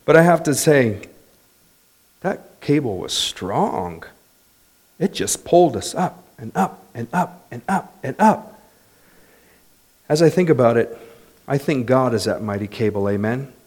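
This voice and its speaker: A man preaching a sermon, moving between quiet, low passages and loud, lively ones, with laughter. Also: a little slow, pauses often, breathy edge. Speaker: pastor.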